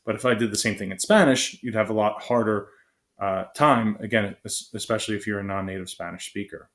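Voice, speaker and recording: Guy teaching a class, kinda low voice, talks fast, says "right?" and "um" a lot. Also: fairly even intonation, a bit bright. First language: English. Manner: quick, conversational, frequent "right?" and "um". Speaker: lecturer. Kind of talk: classroom lecture.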